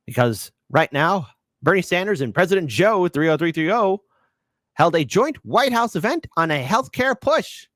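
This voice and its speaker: A man's voice: high-pitched, expressive, normal speed, fairly bright tone, dry recording, studio quality. A man hosting political commentary, ranting in a sarcastic, heated, exclamatory way.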